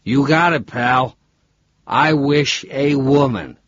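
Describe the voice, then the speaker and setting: A man voicing a brash, crude American man acting drunk, with loud slurred swagger, in an audiobook reading. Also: medium pitch, steady tone, slow pace, no echo, pitched above the performer's own voice. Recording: dull lo-fi dry recording.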